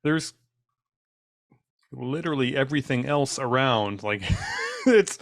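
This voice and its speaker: A man's voice: medium pitch, expressive, slow, no echo. A man co-hosting a comedy podcast, chatting casually, riffing on jokes and adding frequent agreeing murmurs. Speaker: podcast co-host.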